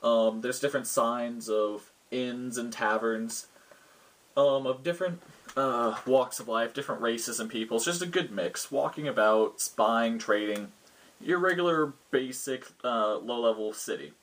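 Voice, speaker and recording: A man's voice: medium pitch, a little slow, fairly bright tone. A man, a game master, recounting a tabletop session in loose, rambling storytelling.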